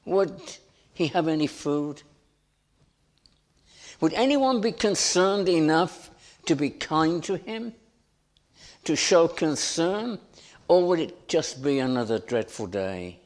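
A man preaching a sermon in an earnest, deliberate way, lifting his voice for emphasis. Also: fairly high pitch, lively intonation.

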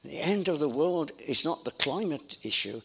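A man's voice: on the high side, expressive, moderate pace, gravelly, fairly bright tone, husky. Emphatic preacher, man. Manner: emphatic, repetitive preaching cadence. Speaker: pastor. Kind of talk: sermon.

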